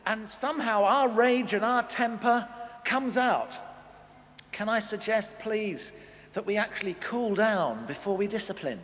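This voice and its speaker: A middle-aged man giving a humorous family talk to a live audience, acting out scolding parents. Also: unhurried. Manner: animated, acts out scolding parents with big pitch jumps. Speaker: conference speaker. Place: large hall. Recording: long reverb of a big hall.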